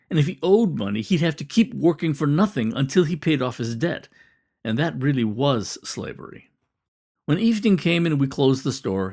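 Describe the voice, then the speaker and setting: A man, the author, narrating an audiobook of his own novel in a measured, reflective first-person telling. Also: mid-range voice, a little mellow.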